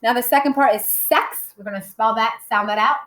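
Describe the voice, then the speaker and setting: A woman with a fairly high voice teaches a children's writing lesson. She talks warmly and animatedly, stretching out letter sounds for small learners. The room around her sounds echoey. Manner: lively, sounding out letters slowly for young children.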